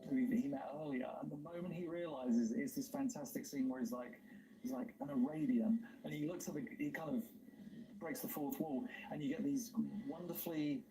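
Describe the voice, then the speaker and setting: A man's voice: fairly high pitch, fairly quick, music in the background, poor audio. Enthusiastic rambling man hosting a stream. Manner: enthusiastic, rambling, laughs often. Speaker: livestream host. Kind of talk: casual chat.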